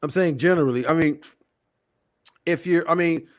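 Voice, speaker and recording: A man's voice: on the high side, moderate pace, long pauses, dry recording, studio quality. A man hosting a casual talk show, hesitant and full of stammered restarts as he asks guests questions. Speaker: show host. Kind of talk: casual live show chat.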